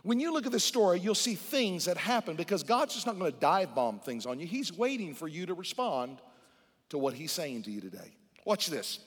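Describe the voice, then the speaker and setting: A male pastor preaching a fervent sermon to his church, talking straight to the congregation and swinging between hushed and loud. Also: high-pitched, very animated, normal speed, breathy edge. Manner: addresses the congregation directly. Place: church sanctuary. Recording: long church-hall reverb.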